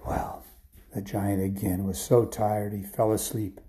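A man reading a bedtime story aloud, animated and dropping to whispers for suspense. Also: lowish voice, measured pace, slight background noise.

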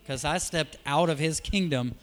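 A man preaching in a church, his voice sitting a little high for a man. He tells stories in a relaxed, chatty way, then climbs into loud, emphatic peaks before dropping back to quiet asides. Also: normal speed, slight background noise. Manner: animated, conversational, swings from soft asides to loud emphatic peaks. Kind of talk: sermon with storytelling.

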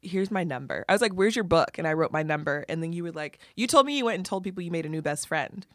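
Playful low-voiced woman podcast host. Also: animated, fairly bright tone, no room sound, studio quality. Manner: playful, teasing, quick quips. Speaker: podcast host, sex educator. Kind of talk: casual chat.

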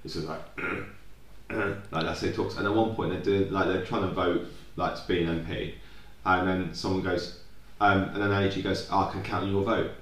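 A young podcast co-host with a low, steady voice chats casually at a normal speed in a roomy-sounding space. He rambles off on tangents and swears plenty.

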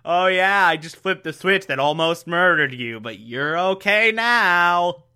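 Unbothered scrapyard worker, flatly calm, bright tone, as a man puts him on. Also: sits high, unhurried, clean tone, full character voice. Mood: nonchalant. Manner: unreasonably calm, matter-of-fact. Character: calm, nonchalant adult male crusher operator.

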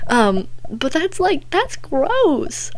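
A woman's voice: high voice, big pitch swings, extremely slow. A young woman hosts a podcast, telling stories in a giggly, chatty way full of "like". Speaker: podcast host. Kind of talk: casual chat.

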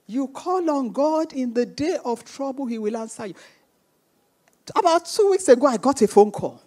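A woman's voice: high-pitched, animated, normal speed, warm tone. A woman preaching a sermon with emphatic repetition, acting out the voices of the people in her stories. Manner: emphatic, repeats phrases, acts out quoted voices.

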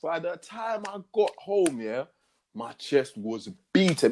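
A man's voice: fairly high pitch, normal speed, a little hiss or hum. A young man telling a funny story in casual chat, laughing often and using a lot of slang. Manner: laughing, slangy, animated retelling.

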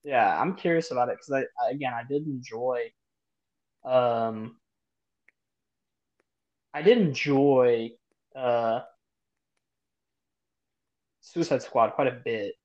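A man's voice: medium pitch, takes it slowly, pauses often, a little mellow, dull audio. A young man co-hosting a podcast who talks casually and swears a lot. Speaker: podcast co-host. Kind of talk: casual chat.

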